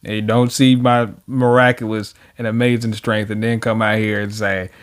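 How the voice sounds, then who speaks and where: Saitama, a man doing a gruff, deep-voiced hero. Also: little pitch movement, moderate pace, natural voice. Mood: fed up. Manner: gruff, dismissive, profane. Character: blunt, fed-up young male superhero.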